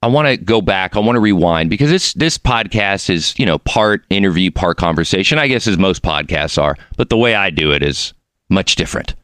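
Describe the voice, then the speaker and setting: A man in his forties from Mexico hosts a podcast interview, talking in a loose, rambling way full of restarts. His voice sits on the low side, and the mic sound is dry and close, with no room in it. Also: expressive, fairly quick, a bit bright, clear, resonant tone, no room sound. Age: 40s. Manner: chatty, rambling, frequent restarts. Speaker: podcast host. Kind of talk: casual interview chat.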